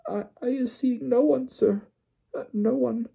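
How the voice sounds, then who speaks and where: A man's voice: very high voice, steady tone, unhurried, creaky, mellow, husky, voice pushed up, full character voice. A man voicing a terrified female house-elf servant who stammers in broken grammar. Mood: fearful.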